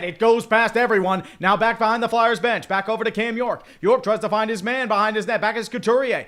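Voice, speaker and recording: A man calls a hockey game in a loose, rambling way. His voice sits high, and he drifts into joking and cursing between plays. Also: fairly bright tone. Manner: rambling, profane, jokey asides. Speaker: hockey stream commentator. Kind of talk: casual play-by-play commentary.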